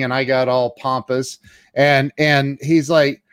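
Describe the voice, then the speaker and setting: A man's voice: mid-range voice, measured pace, clear, resonant tone, no echo, studio quality. A man hosting an interview podcast, chatting casually and acting out voices when he tells a story. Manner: animated storyteller, acts out voices in anecdotes. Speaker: podcast host.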